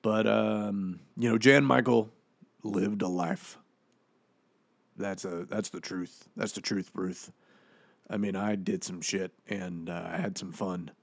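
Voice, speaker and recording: A man's voice: deep voice, steady tone, slow pace, gravelly, no room sound, full character voice. A man playing the rambling, profane ghost of a washed-up male actor in a comedic audio commentary, full of fillers. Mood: rambling, boastful.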